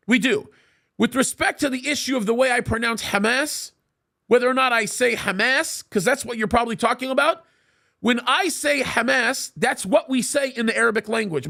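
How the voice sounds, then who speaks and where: A man's voice: extremely high pitch, gravelly, fairly bright tone. A middle-aged man hosting a live talk show, telling stories and explaining his views emphatically, often repeating words as he starts a sentence. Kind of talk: live commentary and storytelling.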